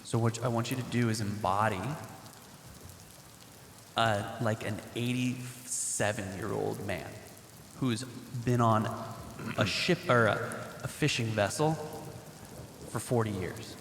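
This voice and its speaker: A man's voice: lowish voice, slow pace, pauses often, a bit bright, slight background noise. A man hosting a podcast, joking, swearing and laughing in casual chat. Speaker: podcast host. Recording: echoey room with long reverb.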